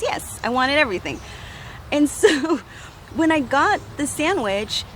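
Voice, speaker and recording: A woman giving a casual, enthusiastic tour of her farm garden outdoors, talking warmly and laughing often. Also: high voice, slight background noise. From United States.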